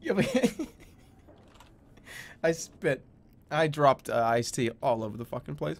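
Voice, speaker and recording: A man's voice: mid-range voice, lively intonation, unhurried, creaky. Laughing young male streamer. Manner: laughing often, exclamatory, swears freely. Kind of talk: casual live-stream commentary.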